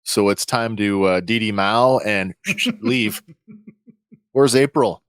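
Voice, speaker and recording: Low-voiced male tabletop player. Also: takes it slowly, gravelly, clear, resonant tone, no room sound. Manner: calm, methodical, joking asides. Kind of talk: playing a tabletop game.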